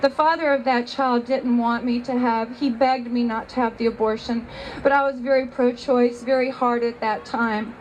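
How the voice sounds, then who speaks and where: A woman's voice: a little high, fairly even intonation, moderate pace, darkish tone, a little hiss or hum, poor audio. A woman giving a personal testimony, telling her story earnestly and with emotion.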